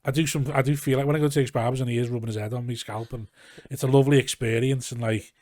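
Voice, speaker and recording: A man's voice: medium pitch, fairly even intonation, very fast, mellow, no echo, studio quality. A man with a Scouse accent, a comedian guest on a casual podcast, telling rambling, sweary anecdotes and acting out what people said. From Liverpool, England. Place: garage.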